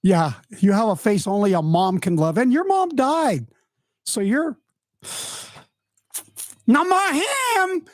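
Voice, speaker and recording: A man's voice: sits high, expressive, slow, pauses often, no echo, studio quality. A man voicing a taunting male naysayer who mocks a beginner, sneering and teasing.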